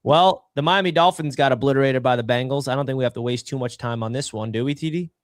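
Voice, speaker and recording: A man's voice: medium pitch, fast talker, dry recording, clean studio sound. A man on a casual sports roundtable who teases his co-host and calls out his claims. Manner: teasing, ribbing, laughing.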